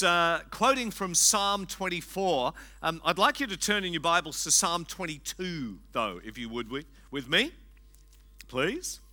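A man preaching a sermon in a conversational, gently humorous way with frequent fillers. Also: on the high side. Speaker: pastor.

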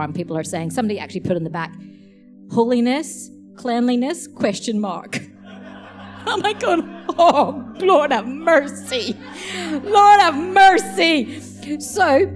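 A woman preaching a sermon, telling lively stories and laughing as she acts out the people in them. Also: mid-range voice. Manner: animated, laughing storyteller. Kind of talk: sermon storytelling.

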